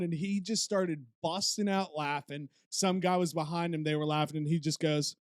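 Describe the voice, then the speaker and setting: A man's voice: on the high side, moderate pace, hardly any pauses, no echo, clean studio sound. A man co-hosting a podcast, telling a funny story in casual chat and laughing through it. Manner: animated, laughs through his stories. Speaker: podcast co-host.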